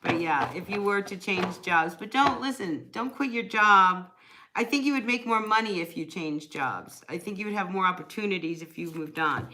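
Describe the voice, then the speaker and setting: A woman's voice: lowish voice, lively intonation, moderate pace, few pauses, a bit bright, a little hiss or hum. A woman chatting casually during a live tarot reading, answering viewers by name and laughing often. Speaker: tarot reader.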